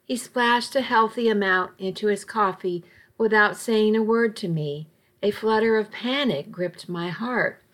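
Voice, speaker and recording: A woman narrating a first-person story in an audiobook, in a measured, quietly tense manner. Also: mid-range voice.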